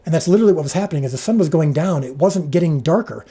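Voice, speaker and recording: A man who directs a show, telling an animated behind-the-scenes story on a livestream, full of restarts and fillers, his pitch leaping when he quotes people. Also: rapid-fire, a little hiss or hum. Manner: frequent restarts and filler words.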